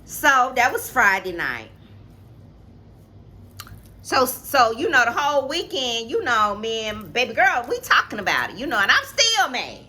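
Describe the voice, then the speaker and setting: A woman's voice: fairly high pitch, huge pitch swings, unhurried, pushed and bright. A woman, telling a personal story in a casual vlog, emphatic and repeating herself. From Atlanta, Georgia, US. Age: 50s. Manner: emphatic, repeats phrases, talks straight to viewers. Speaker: co-host.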